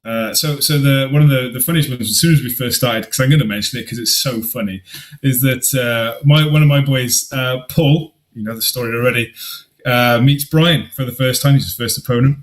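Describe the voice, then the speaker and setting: A man appears as a guest on a casual podcast, his voice sitting at an ordinary male pitch. He tells stories with enthusiasm and laughs easily. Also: fairly quick. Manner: enthusiastic storyteller who laughs often. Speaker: podcast guest, tournament organizer. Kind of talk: casual chat.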